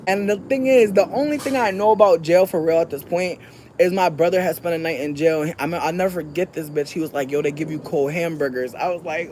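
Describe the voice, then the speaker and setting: A young adult podcast host telling a story in a casual, profane way, moving from soft-spoken to shouting. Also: mid-range voice, fairly quick, slight background noise.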